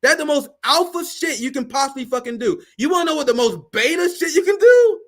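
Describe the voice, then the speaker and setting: A man hosts a political commentary livestream and rants fiercely, swearing often for emphasis. His voice sits fairly high for a man. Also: quick pace, a bit bright. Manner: fiery, profane, emphatic ranting. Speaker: host.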